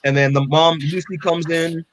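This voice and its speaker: A man's voice: fairly high pitch, steady tone, moderate pace, low-quality recording. A man on a podcast, recapping a comic in a loose, rambling way, full of fillers and swearing. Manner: rambling, profane, heavy with fillers. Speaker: podcast co-host. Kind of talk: casual chat recapping a comic.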